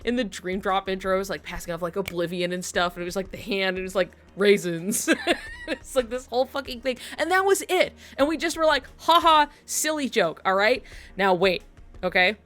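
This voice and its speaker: A woman's voice: mid-range voice, fairly bright tone. A woman streamer telling a long story to her chat in a rambling way, laughing often and swearing freely.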